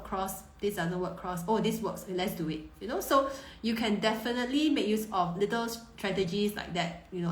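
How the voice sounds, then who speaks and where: A woman in her thirties, a parenting coach answering viewer questions on a live stream, warm and reassuring, often repeating words as she thinks. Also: medium pitch. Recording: roomy echo.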